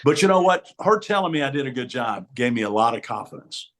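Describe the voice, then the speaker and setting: A man's voice: mid-range voice, big pitch swings, quick pace, a bit bright. A middle-aged man, a sportscaster guest in a radio studio interview, tells stories with energy and acts out the voices of other people. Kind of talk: storytelling interview talk.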